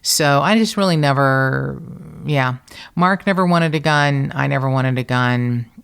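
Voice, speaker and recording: A middle-aged American woman, a podcast host, telling a story in a casual, animated, profane and self-mocking way. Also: rumbling low, measured pace, gravelly, clear, resonant tone.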